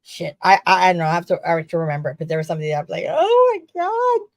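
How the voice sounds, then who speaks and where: A woman co-hosting a casual wrestling talk show, rambling and animated, swearing now and then. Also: low voice, racing, vocal fry, dry recording. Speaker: podcast co-host.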